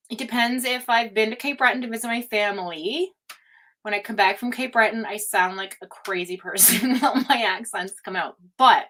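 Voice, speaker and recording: A woman's voice: mid-range voice, pushed and bright. A middle-aged woman from Canada chatting casually on a live tarot stream, laughing often and reading chat aloud.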